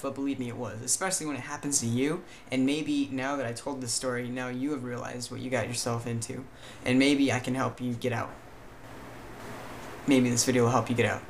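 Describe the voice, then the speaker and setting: A man's voice: medium pitch, a little hiss or hum. Tired rambling man in a put-on accent. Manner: hesitant and rambling, many fillers and restarts; puts on a vague mixed foreign-sounding accent. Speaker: vlogger. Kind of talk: casual chat to camera.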